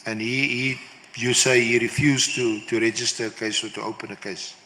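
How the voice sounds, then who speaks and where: A man questioning a witness at a formal hearing, deliberate and hesitant. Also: mid-range voice, fairly even intonation, sharp tone. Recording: hall reverb, played inside a reaction stream.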